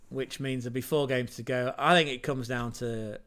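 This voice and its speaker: A man's voice: mid-range voice, steady tone, moderate pace, a bit bright. Chatty man hosting football talk. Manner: chatty, rambling, self-mocking asides. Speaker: football podcast host. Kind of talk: casual livestream football talk.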